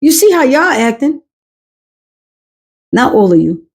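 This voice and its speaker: Woman podcast host, husky mellow voice, blunt and punchy, ranting casual. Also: high voice, big pitch swings, a little slow. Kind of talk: casual commentary.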